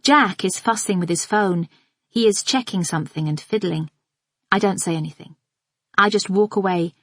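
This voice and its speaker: A woman narrating a first-person psychological thriller audiobook in a steady, measured reading. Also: medium pitch, dry recording.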